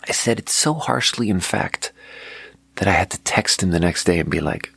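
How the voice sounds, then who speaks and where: Low, husky-voiced man, gravelly edges; dry close sound, self-mocking solo host. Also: animated, normal speed, a bit bright, dry recording. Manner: wry, self-mocking, swears freely. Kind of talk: casual late-night monologue.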